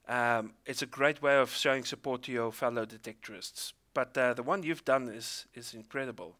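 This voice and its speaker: A man's voice: mid-range voice, moderate pace, sharp tone. A South African man hosting a casual interview, chatty and hesitant with many fillers.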